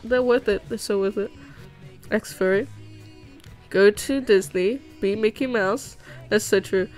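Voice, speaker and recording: A woman's voice: mid-range voice, unhurried, a little mellow, rough recording. A young woman chatting casually on a livestream while drawing, reading chat aloud, giggling and swearing now and then. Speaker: streamer. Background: background music.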